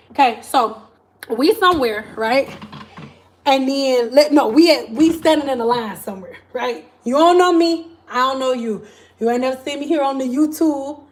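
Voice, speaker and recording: A woman with a Detroit accent chats to her live-stream viewers in a high voice, telling a story with plenty of laughter. She jumps into the voices of the people she quotes and keeps the tone loose and animated.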